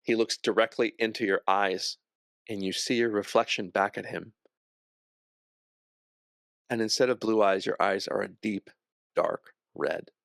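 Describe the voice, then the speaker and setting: A man narrating a tabletop game as game master, describing scenes slowly with pauses. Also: fairly low pitch, fairly even intonation, creaky, fairly bright tone, no echo.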